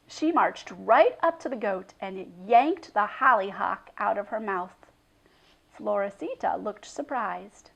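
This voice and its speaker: A woman reading a children's chapter book aloud, expressive, with hushed drops for suspense. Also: fairly high pitch, creaky, low-quality recording. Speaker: storyteller.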